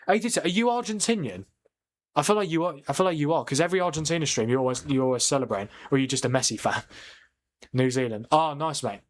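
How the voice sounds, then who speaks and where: A man hosting a live football watchalong, chatting with viewers and reacting to the match as it plays. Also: medium pitch. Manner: chatty, reads and answers viewer comments; excitable reacting to match incidents. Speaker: watchalong streamer.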